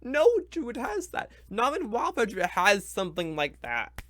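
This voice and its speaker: A young man reacting live to a book, exasperated and ranting, going from mutters to loud complaints. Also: sits high, very animated, moderate pace, slight background noise. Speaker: reviewer.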